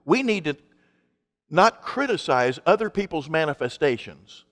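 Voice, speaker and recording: A man's voice: on the high side, very animated, a little slow, a bit bright, in a large hall. A male pastor preaching a sermon in an emphatic, conversational way, asking his congregation rhetorical questions.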